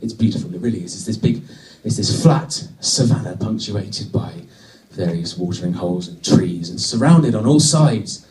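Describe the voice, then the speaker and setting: A man from Britain doing a stand-up routine, telling a wry story with sudden excited bursts. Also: lowish voice, moderate pace, hardly any pauses, recorded from a distance, noisy background. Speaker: stand-up comedian. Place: comedy venue with a live audience. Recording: echoey venue, mic from afar.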